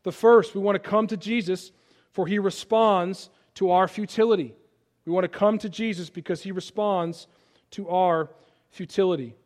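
A man in his thirties preaching a sermon, dropping to a hushed voice in personal stories and rising to loud peaks. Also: sits high, fairly even intonation, moderate pace. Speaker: pastor.

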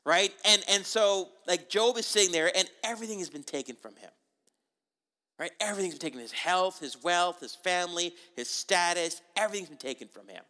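Male preacher, conversational and jokey; bright, forceful, a bit high. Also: a little fast. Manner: conversational and joking, many asides and rhetorical questions. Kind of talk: sermon.

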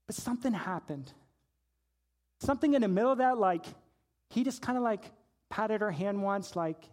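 A man preaching a sermon as a pastor, telling a story and swinging from hushed, low passages to shouted praise. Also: lively intonation, normal speed, long pauses.

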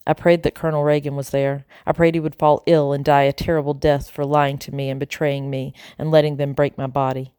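A woman reading an audiobook in a slow, grave first-person telling. Her voice is low and mellow. The recording is close and completely dry. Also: level tone, smooth, dry recording. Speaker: audiobook narrator. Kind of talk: audiobook narration.

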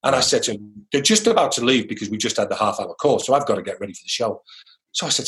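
A man's voice: on the low side, fast. A middle-aged British man, an actor, chatting as an interview guest, telling anecdotes and acting out the lines of the people in them. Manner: lively anecdotal storyteller who acts out quoted lines. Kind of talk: casual interview storytelling.

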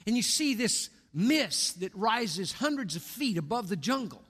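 High bright-voiced preacher in a reverberant church. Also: male voice, very animated, measured pace, slightly rough. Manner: dramatic swings between hushed and booming delivery. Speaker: pastor. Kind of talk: sermon. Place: church sanctuary. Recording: long hall reverb.

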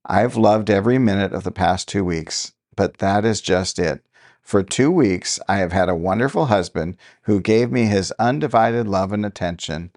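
A man's voice: on the low side, moderate pace, darkish tone, close to an everyday voice. A man voicing a young newlywed woman, a pastor's wife, speaking in a raised, pleading tone. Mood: plaintive.

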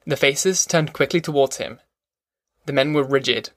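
A man reading a novel aloud as an audiobook narrator, in measured, even storytelling. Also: medium pitch, no room sound, clean studio sound. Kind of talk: scripted narration.

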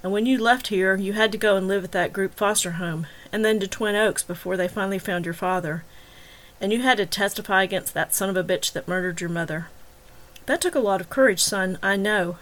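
A woman's voice: medium pitch, normal speed, a bit bright, close to an everyday voice. A woman reading the lines of a worried middle-aged male detective, blunt and pressing in an interrogation. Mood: pleading.

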